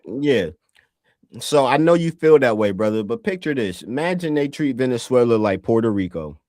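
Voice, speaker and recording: A man's voice: medium pitch, lively intonation, moderate pace, darkish tone, no room sound, studio quality. A man from the United States in casual podcast chat, talking emphatically with lots of swearing and stumbling over repeated words. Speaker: podcast co-host.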